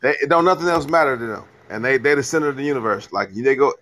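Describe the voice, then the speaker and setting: A man's voice: medium pitch, expressive, fast, fairly bright tone. A man co-hosting a casual sports podcast, telling stories with mock voices and laughs. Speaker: podcast co-host. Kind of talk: casual group chat.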